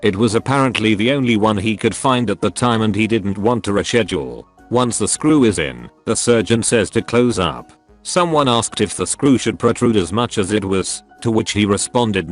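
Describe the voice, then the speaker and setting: A man giving scripted narration of online stories in a steady, even reading that sounds out abbreviations letter by letter. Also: fairly low pitch, moderate pace, faint music behind.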